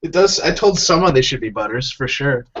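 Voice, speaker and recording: A man's voice: medium pitch, expressive, fairly quick, fairly bright tone, husky. Laid-back young guy chatting on a voice call, medium voice, muffled sound. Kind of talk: casual group voice chat.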